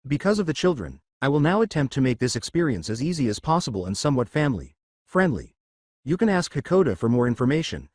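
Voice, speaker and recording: A man giving a steady, scripted narration of a fan-written story. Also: medium pitch, dry recording, clean studio sound.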